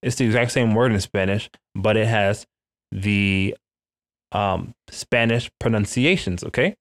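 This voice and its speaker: A man teaching a Spanish lesson, slowly modelling vowel sounds for learners to repeat and often checking in with "okay?". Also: on the low side. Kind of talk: language lesson, repeat-after-me drills.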